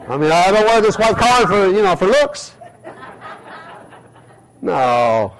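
A man's voice: high voice, very animated, unhurried, long pauses, poor audio. A middle-aged male pastor giving a conversational sermon, acting out everyday quotes as he preaches.

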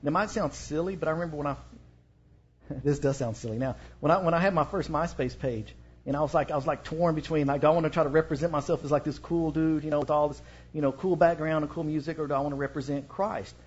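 A man's voice: fairly high pitch, quick pace, husky. A man with a Texan accent preaching a sermon in a casual, conversational way, using slang and fillers. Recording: dull lo-fi recording.

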